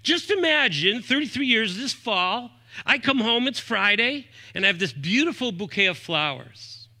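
A man in his fifties preaching a sermon as pastor, emphatic, moving between raised points and soft asides, quoting scripture references. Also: high-pitched, sing-song, normal speed. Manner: often quotes scripture references aloud.

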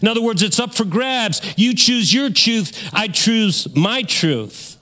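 A man's voice: high-pitched, animated, a little slow, bright, forceful tone, big-room sound. A pastor preaching to his congregation, a man with a slightly raised voice. He drives his points home with emphatic stress, rising and falling as he quotes others. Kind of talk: sermon.

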